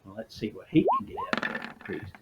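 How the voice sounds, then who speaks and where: A man's voice: on the low side, big pitch swings, fast. Chatty man narrating a game. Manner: chatty, laughing between lines. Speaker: game master and player. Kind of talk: casual solo role-play narration. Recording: slightly dull, faint hiss.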